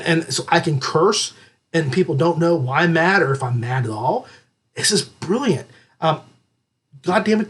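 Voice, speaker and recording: A man hosts a book-review podcast in a loose, jokey chat, rambling and restarting as he gets excited. His somewhat husky voice sits a bit high for a man. It swings widely in pitch from line to line. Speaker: podcast host reviewing audiobooks.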